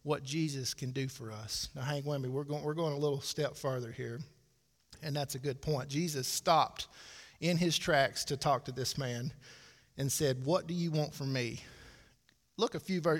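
Male pastor, 30s, gravelly, folksy sermon delivery, church hall reverb. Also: mid-range voice, moderate pace. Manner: folksy, conversational preaching with dry asides. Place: church sanctuary.

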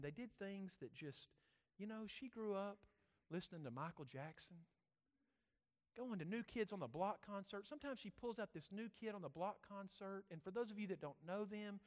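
A man's voice: high-pitched, a bit bright. A man, preaching a sermon and telling rambling family stories with many restarts. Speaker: pastor. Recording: long reverb of a church hall.

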